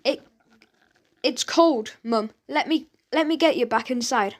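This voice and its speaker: A woman's voice: sits high, a little slow. A woman voicing an earnest, loyal young boy in an audiobook, speaking with urgent pleading.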